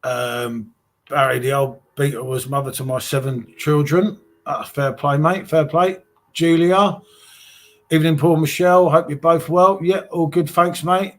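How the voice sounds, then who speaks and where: A man's voice: a little high, steady tone, unhurried. Chatty English man reading stream comments. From England. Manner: chatty, reads viewer comments aloud, calls people mate. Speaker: live stream host. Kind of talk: casual chat reading live comments.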